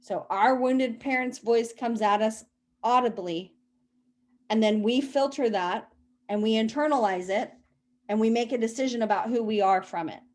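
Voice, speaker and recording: Woman, life coach, fairly high pitch, playful, laughs a lot, video call. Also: normal speed, a little mellow. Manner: bubbly, playful, laughs often.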